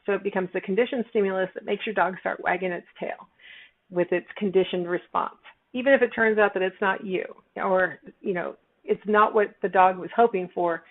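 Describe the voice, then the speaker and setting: A woman's voice: medium pitch, steady tone, brisk. A woman psychology instructor talking through a recorded lesson, explaining step by step with fillers and self-corrections. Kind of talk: recorded lecture walkthrough. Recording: tinny phone-like audio.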